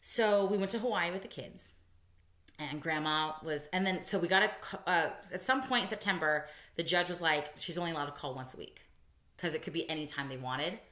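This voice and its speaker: Low-pitched lady chatting on a podcast, bright tone, echoey room, acts out quotes. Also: brisk. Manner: animated storytelling, voices quotes with big pitch jumps. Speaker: podcast co-host. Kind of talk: casual storytelling chat.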